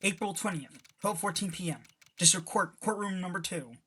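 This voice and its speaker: A woman chats through a game playthrough with a slightly low, husky voice. Her asides are casual and rambling, with quick self-corrections. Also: pushed and bright. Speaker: let's-play narrator. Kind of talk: casual gameplay commentary.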